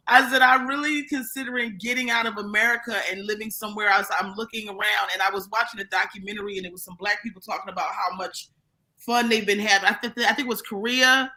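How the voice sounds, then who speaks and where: A woman guest on a live-streamed podcast, telling a profane story in an animated, casual way with many restarts. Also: medium pitch, fast, rough recording. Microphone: live stream mic.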